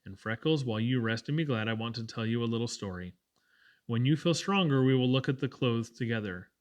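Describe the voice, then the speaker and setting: A man voicing a gentle but firm young woman who soothes a sick friend. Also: medium pitch, lively intonation, a little fast, natural voice. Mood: soothing.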